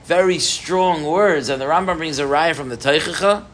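A man teaching a Torah class to a live group, animated, with rhetorical questions and frequent restarts. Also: on the high side, normal speed, slight background noise.

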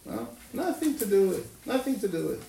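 With a gravelly voice at normal speed, a man gives a lively Talmud lecture, tacking "no?" onto many rhetorical questions. His sing-song style leaps suddenly in pitch, and the audio comes from afar in an echoey room with a little background noise.

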